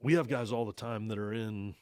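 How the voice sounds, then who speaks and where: A man with a fairly low, darkish voice talks fairly quickly in a clean studio recording with no room sound. He owns an archery shop and, as a guest in a casual interview, tells a story in a laid-back way, laughing often and acting out the lines of the people he quotes.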